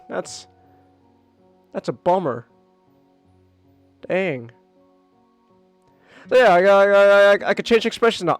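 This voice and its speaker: A man streaming live and chatting casually, animated and swearing often, breaking into high whoops.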